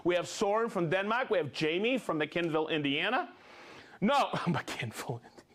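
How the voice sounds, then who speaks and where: Live stream host, male, upbeat reader of viewer shout-outs, high lively voice. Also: moderate pace. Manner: upbeat, reads viewer names and places, jokes and laughs. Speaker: livestream host.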